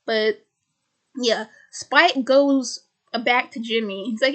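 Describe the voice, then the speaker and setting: A woman's voice: a little high, takes it slowly, fairly bright tone. Stuttering young woman recapping a film. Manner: stutters, restarts words. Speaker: video creator.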